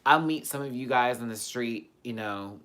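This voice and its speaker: A man hosting a casual live-stream Q&A, talking candidly and swearing freely, with loud animated bursts that drop to soft, quiet asides. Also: medium pitch, normal speed. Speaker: YouTube host answering viewer questions.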